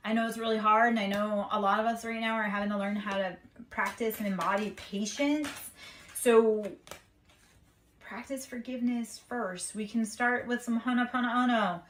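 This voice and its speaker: A woman's voice: a little high, steady tone, normal speed, fairly bright tone, slight background noise. A woman giving a casual spiritual tarot reading, earnestly encouraging and talking straight to the viewer. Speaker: tarot reader and spiritual channel host.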